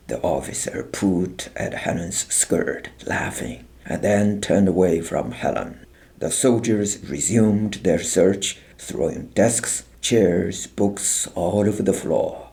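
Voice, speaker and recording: A man narrating an audiobook in a measured, grave storytelling manner. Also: sits low, vocal fry, darkish tone.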